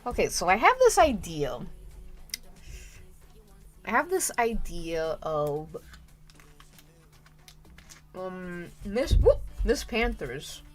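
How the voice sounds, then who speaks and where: A woman's voice: fairly low pitch, sing-song, drawn-out words, pauses often. A young woman chatting casually on her art stream, rambling and stopping herself mid-sentence, often laughing. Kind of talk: casual live-stream chat. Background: soft background music.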